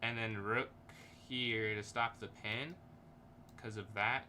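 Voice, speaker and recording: A man's voice: lowish voice, steady tone, slow, bright, forceful tone, slight background noise. A man streaming a chess game, thinking aloud in casual, hesitant commentary and chuckling often.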